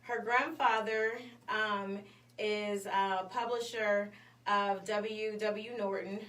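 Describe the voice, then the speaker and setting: A woman's voice: medium pitch, little pitch movement, slow pace, a bit bright. A woman hosting a morning show, telling a story in casual chat with lots of fillers. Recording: echoey room, mic at a distance, faint noise.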